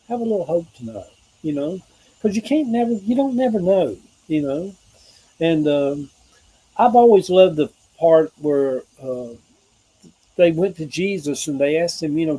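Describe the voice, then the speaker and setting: A man's voice: on the high side, dark tone, husky, rough recording. A middle-aged man with a Southern US accent, hosting a livestream and talking earnestly about hope and faith, rambling in a preacher-like way with asides to viewers. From American South. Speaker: livestream host. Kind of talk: informal spiritual livestream talk.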